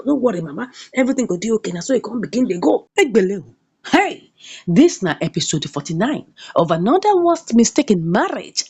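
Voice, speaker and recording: Recapping a comedy series, a Nigerian woman reviewer sounds relaxed and animated, her high voice leaping all over and dropping into gravelly fry as phrases end. She says things twice for emphasis and often tags on "eh?" to check in.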